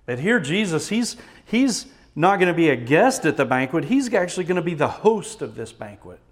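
Texan pastor preaching an earnest sermon. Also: male voice, fairly high pitch, big pitch swings, moderate pace.

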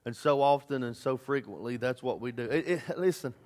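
A man preaching a sermon as pastor, swinging between loud emphatic bursts and low asides. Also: fairly quick. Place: church sanctuary. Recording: long hall reverb.

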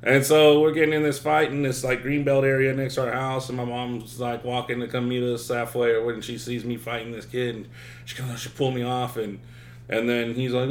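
A man's voice: medium pitch, level tone, a little fast. Rambling man in a roomy hotel room. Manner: rambling storyteller, swears freely, many fillers. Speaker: podcast host. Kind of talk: casual chat.

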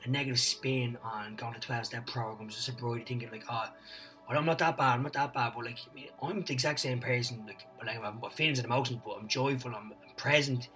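A man talking in a bright, forceful voice, excitable and rambling as he tells his stories with the odd swear. He sits a bit back from the mic, and faint music plays underneath. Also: medium pitch, fast, hardly any pauses, recorded from a distance, poor audio. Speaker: guest. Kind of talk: casual podcast chat.

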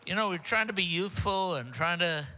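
An older man preaching a sermon as a guest preacher, mixing jokey self-deprecating asides with halting restarts. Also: high voice, animated, bright, forceful tone, a little hiss or hum.

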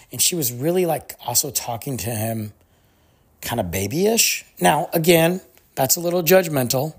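A gravelly, husky podcast host talking solo. The voice swings widely up and down as it rants through a story, slipping into the voices of the people being quoted. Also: medium pitch, moderate pace. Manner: animated ranting storyteller.

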